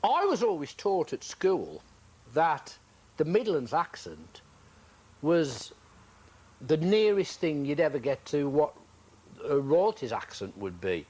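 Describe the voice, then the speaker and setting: A man's voice: a little high, huge pitch swings, takes it slowly, pauses often, a little mellow, slightly rough. A man explaining a point in an earnest, emphatic way. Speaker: interviewee. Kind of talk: explanatory chat.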